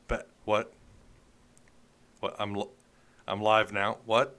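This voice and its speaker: A man's voice: on the low side, level tone, slow, long pauses, fairly bright tone. A man hosting a sports podcast livestream, chatty and joking while he fumbles with his setup. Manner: joking, chatty, flustered by tech trouble. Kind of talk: casual livestream chat.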